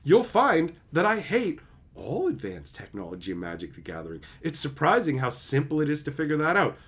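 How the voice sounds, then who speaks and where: A man's voice: fairly high pitch, huge pitch swings, a little fast, fairly bright tone, slightly rough. A man streamer delivering a heated, profane, sarcastic rant, mocking his opponents in put-on voices. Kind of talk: ranting commentary.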